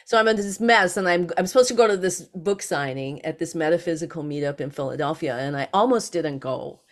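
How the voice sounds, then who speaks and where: A woman guest on a podcast interview, telling stories in an animated way and acting out other people's lines. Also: low voice, a little fast. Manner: animated, acts out others in lively quotes.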